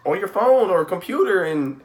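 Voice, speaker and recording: A man's voice: high voice, animated, moderate pace, slight background noise. A man in his thirties hosting a spiritual channel, talking casually to camera at home and saying "like" constantly. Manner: rambling, says "like" constantly, acts out quoted voices. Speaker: spiritual reading channel host.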